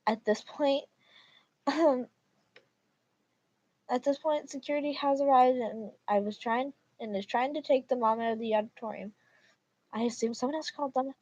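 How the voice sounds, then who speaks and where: A woman's voice: sits high, moderate pace, pauses often, a little mellow. A woman streamer reading stories aloud and reacting casually, with emphatic remarks. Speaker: livestreamer. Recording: dull lo-fi mic.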